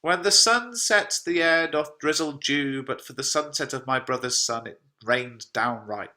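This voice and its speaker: A man reading the lines of an angry, domineering old father who shouts and scorns. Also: mid-range voice, measured pace, voice pushed up. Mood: scolding.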